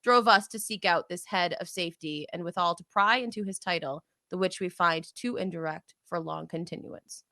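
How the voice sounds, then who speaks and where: A woman's voice: on the low side, moderate pace, few pauses, bright, forceful tone, dry recording, pitched below the performer's own voice. A woman reading the verse of a hot-headed young male rebel lord, delivering his long list of grievances in a heated rush. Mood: indignant.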